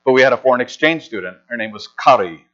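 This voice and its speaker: A man's voice: medium pitch, racing, a bit bright. A middle-aged man preaching a sermon in a conversational, storytelling way with frequent restarts. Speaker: pastor. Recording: slightly dull lo-fi sound.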